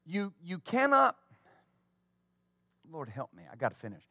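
A man's voice: high voice, wildly swooping pitch, a little slow, pushed and bright, no room sound, studio quality. A male pastor preaching a sermon fervently, with call-and-response asides to the congregation.

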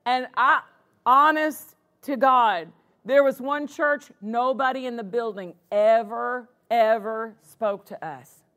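A woman's voice: on the high side, takes it slowly, fairly bright tone. A woman pastor preaching a sermon in a church, punctuating her points with exclamations of praise. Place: church sanctuary.

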